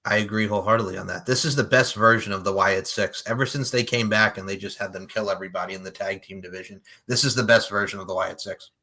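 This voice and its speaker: Bright-voiced New York podcast host. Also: male voice, on the low side, fairly even intonation, quick pace, few pauses. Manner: laid-back, profane, laughs often. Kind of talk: casual podcast chat.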